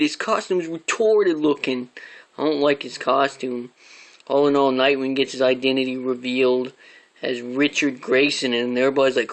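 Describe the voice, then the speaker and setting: Flat-voiced man rambling through comic reviews. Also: mid-range voice, normal speed, smooth, low-quality recording. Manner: rambling, swears casually. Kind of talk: casual review vlog.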